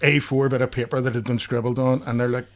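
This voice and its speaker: Fast and flat, in a medium-pitched voice, the Belfast co-host rattles off rambling, funny anecdotes stuffed with fillers. It's casual podcast chat, and he laughs at his own jokes.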